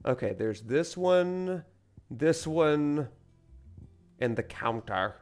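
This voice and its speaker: A man's voice: a little high, lively intonation, slow pace, a little mellow, faint music behind. A man, a professor streaming a video game, chatting casually with viewers, rambling and laughing as he plays. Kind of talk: casual livestream chat over gameplay.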